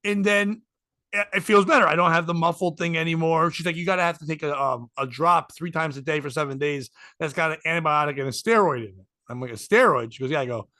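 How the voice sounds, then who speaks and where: A man with a high, bright voice tells a self-mocking story to his co-host, playing out both sides of the dialogue. The sound is dry and close, with no room in it. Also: fast talker, no room sound. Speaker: podcast co-host. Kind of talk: casual storytelling chat.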